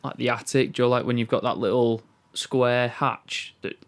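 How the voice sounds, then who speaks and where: A young man chatting casually as a podcast co-host, telling rambling stories full of fillers and quick laughs over a remote recording. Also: medium pitch, steady tone. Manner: rambling storyteller, heavy on fillers, laughs easily. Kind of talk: casual chat. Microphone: remote call recording.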